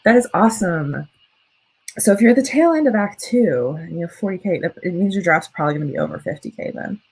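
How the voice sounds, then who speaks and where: A woman's voice: on the low side, big pitch swings, fast, darkish tone, breathy edge, rough recording. A young woman hosting a casual livestream, chatting with viewers and reading their comments in a rambling, self-correcting way. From United States. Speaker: livestream host and student writer.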